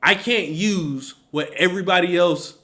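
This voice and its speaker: A man's voice: sits high, a little slow, bright, forceful tone. A man giving a heated, emphatic opinion rant to camera, repeating his points for emphasis. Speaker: commentary vlogger.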